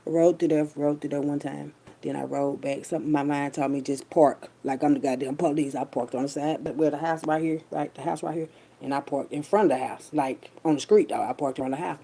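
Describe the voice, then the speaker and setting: A middle-aged woman with a low, gravelly voice tells a story straight to her listeners. Her tone is dark and husky, and she calls them baby and child. Her talk is loose and full of slang and swearing. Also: steady tone, brisk. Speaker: vlogger. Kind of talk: casual storytelling monologue.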